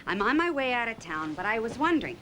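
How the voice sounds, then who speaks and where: A pregnant small-town police chief with a lilting Minnesotan accent, polite yet dogged. Her voice sits a little high and swings up and down as she questions people. Faint noise hums behind her in this film scene. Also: big pitch swings, fast, a bit bright. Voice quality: folksy, politely firm. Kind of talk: film dialogue.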